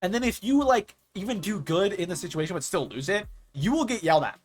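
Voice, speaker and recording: Rambling young male streamer, slightly high voice. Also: brisk, soft background music. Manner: rambling and animated, says "like" often, rants when annoyed. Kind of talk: casual live-stream chat while gaming.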